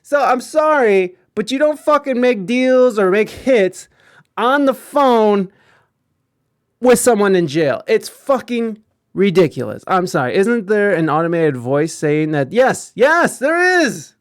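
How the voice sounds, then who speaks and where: A man giving casual live-stream commentary, profane and animated, often acting out quoted voices. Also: high-pitched, measured pace, smooth, no room sound, studio quality.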